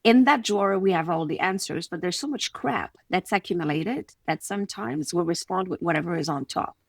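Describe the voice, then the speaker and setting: Woman, Quebec French accent, native French, coach on a podcast, animated, dry close sound. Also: lowish voice, a little fast, no echo. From Quebec City, Canada. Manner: animated, acts out little scenes in quoted voices. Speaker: guest, confidence coach. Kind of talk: conversational podcast interview.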